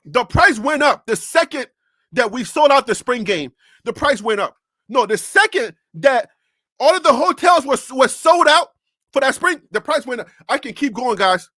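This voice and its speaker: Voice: high voice, big pitch swings, moderate pace, pushed and bright, no room sound, clean studio sound. A sports talk host on a live stream who rants animatedly, fires off rhetorical questions and repeats phrases, speaking into a desk USB microphone.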